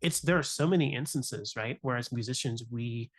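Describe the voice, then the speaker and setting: On a candid podcast, a young adult man who teaches music talks earnestly and reflectively, often slipping in "you know" and "right?" His voice is medium-pitched and his speed normal.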